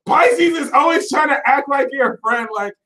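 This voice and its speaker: A high-pitched man talks into an echoey room, hosting an astrology stream with an animated, ranting delivery. He drops to low mutters, then breaks into loud shouts. He mocks other signs in put-on voices. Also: normal speed. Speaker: astrology channel host. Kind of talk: animated livestream rant.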